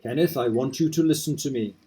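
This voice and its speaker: A man reading aloud as a dying young woman who gently forgives her husband, soft and pleading. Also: mid-range voice, faint music behind, close to an everyday voice. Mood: tender. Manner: soft, pleading, slowing into hushed lines. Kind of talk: reading game dialogue aloud.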